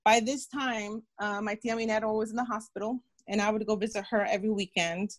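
Brisk and mid-range, with fairly even intonation, this woman in her thirties is a doctor being interviewed. Earnest and encouraging, she narrates stories, echoes her own phrases, and acts out what people said.

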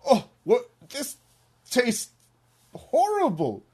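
A man voicing a large, creepy, greedy male cat from an old cartoon, with loud, high, squealing lines. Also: huge pitch swings, extremely slow, husky, heavily acted. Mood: shocked. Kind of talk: tabletop game narration.

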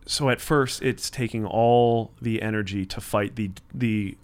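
A man's voice: fairly low pitch, fairly even intonation, measured pace. A man co-hosting a podcast in casual conversation, rambling and acting out his own inner voice, with some swearing. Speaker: podcast co-host.

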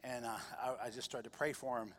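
A man's voice: medium pitch, flat delivery, fairly quick, in a large hall. A male pastor telling a personal testimony in a sermon, earnest, sometimes repeating his words. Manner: earnest storytelling, repeats himself.

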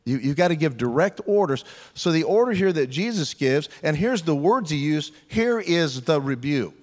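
Male preacher, slightly high voice, casual and humorous sermon delivery, long hall reverb. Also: animated, normal speed, a little mellow. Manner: conversational, humorous, acts out quotes.

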